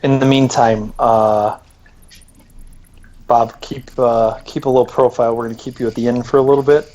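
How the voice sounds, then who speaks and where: A man's voice: medium pitch, steady tone, normal speed, darkish tone, poor audio. A man playing in a tabletop game, easygoing and thinking aloud as he plans his turn. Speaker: player. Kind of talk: casual game talk.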